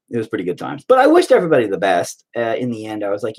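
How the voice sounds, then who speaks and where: A man's voice: fairly low pitch, wildly swooping pitch, very fast, hardly any pauses, darkish tone. A man hosting his own online show, telling a story in a profane, sarcastic, rambling rant full of fillers.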